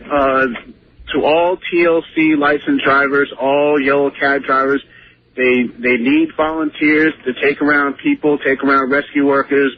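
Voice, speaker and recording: Excited caller on a tinny phone line. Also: male voice, fairly high pitch, slight background noise. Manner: urgent, rambling with repeated starts. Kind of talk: call-in radio.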